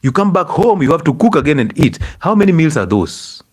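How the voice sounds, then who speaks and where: A middle-aged man with a Kenyan English accent, a doctor giving a lively health lecture to an audience and scolding them with rhetorical questions. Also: on the high side, a little fast, slightly rough.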